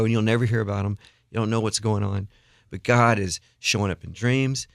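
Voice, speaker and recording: Middle-aged guy with a gravelly voice, dry studio sound, telling a story and doing all the quotes. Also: on the low side, no echo. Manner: animated storyteller, acts out quotes, laughs often. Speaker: guest songwriter. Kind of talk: storytelling in a radio interview. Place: radio studio.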